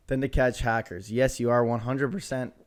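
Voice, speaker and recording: A man's voice: medium pitch, fairly even intonation, moderate pace. A man co-hosting a podcast, chatting casually and telling a story while reading out chat messages, often laughing. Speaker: podcast co-host.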